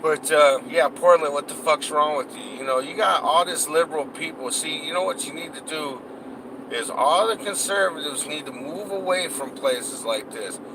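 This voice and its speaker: A man's voice: fairly high pitch, moderate pace, noisy background. A man delivering a heated, profanity-laced rant, cursing and repeating himself as he vents. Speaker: political vlogger.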